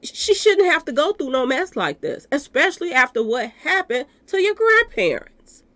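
Animated woman hosting a gossip channel. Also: sits high, moderate pace. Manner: talks straight to viewers, calling them y'all. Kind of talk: commentary on a news clip.

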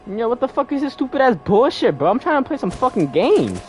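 A young man giving loud, swearing, exasperated commentary while playing a game. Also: very high-pitched, big pitch swings, fairly quick, soft background music. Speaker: gamer streamer. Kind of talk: casual gameplay commentary.

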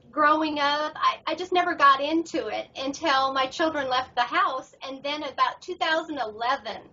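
Bright high-voiced middle-aged woman, muffled. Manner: chatty, upbeat storytelling. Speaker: professional tarot reader guest. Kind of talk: casual interview chat. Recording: muffled audio from far off the mic.

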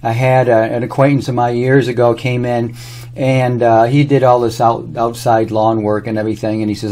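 A man's voice: mid-range voice, level tone, moderate pace, mellow. A man talking casually to camera, rambling through anecdotes while demonstrating a product on his own body. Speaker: presenter demonstrating a health product.

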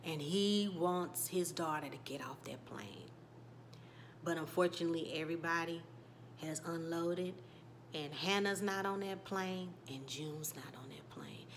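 A woman hosting a casual show recap, telling it in an animated way that swings from loud bursts to hushed whispers and reacts emotionally. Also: low voice, measured pace, a little hiss or hum. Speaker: YouTube TV recap host.

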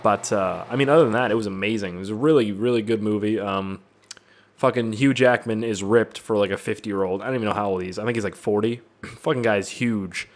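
A man's voice: fairly low pitch, fast. A young man chatting casually while playing a game, rambling and profane, jumping between stories and the action. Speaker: gaming YouTuber. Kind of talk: casual gameplay commentary.

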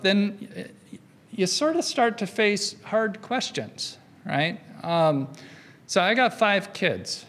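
A man's voice: sits high, expressive, slow, fairly bright tone. A middle-aged man giving a university philosophy lecture in a conversational way, often checking in with the audience with "right?" between thoughts. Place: lecture hall. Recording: long reverb of a lecture hall.

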